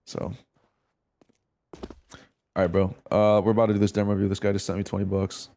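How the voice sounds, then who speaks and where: Laid-back, low-voiced male game streamer. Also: moderate pace. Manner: relaxed, slangy, swears, thinks aloud to chat. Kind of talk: casual live-stream commentary and demo review.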